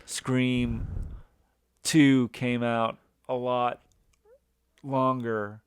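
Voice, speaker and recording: A man's voice: mid-range voice, flat delivery, drawn-out words, clean tone, dry recording. A man in his thirties hosting a podcast in casual chat, rambling along with many restarts. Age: 30s. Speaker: podcast host.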